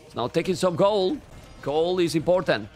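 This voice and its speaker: A man with a Spanish accent giving live commentary on a strategy game, chatty and animated, often talking straight to his chat. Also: on the high side, moderate pace, faint music behind. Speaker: game caster.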